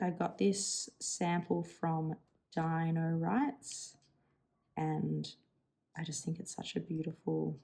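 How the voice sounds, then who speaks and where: Low-voiced woman musing aloud. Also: vocal fry, darkish tone. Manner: musing, thinking aloud, self-deprecating. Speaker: stationery vlogger. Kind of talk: casual chat while ink swatching.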